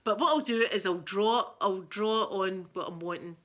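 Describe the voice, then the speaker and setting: Middle-aged Scottish woman, chatty host, bright voice, rambling and self-mocking. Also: medium pitch, moderate pace. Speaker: ASMR channel host. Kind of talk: casual chat to viewers.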